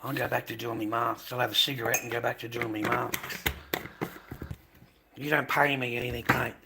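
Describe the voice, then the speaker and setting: A man's voice: medium pitch, level tone, moderate pace, heavy background noise. A middle-aged man, livestreaming and chatting bluntly with viewers, swearing freely. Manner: swearing, aggressive, blunt, calls people mate. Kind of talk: casual livestream chat with viewers.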